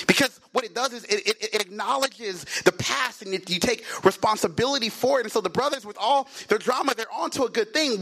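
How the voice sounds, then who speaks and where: A man preaching a sermon in a rhythmic cadence, repeating phrases, stretching key words and sometimes shouting. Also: high voice, animated, normal speed, poor audio.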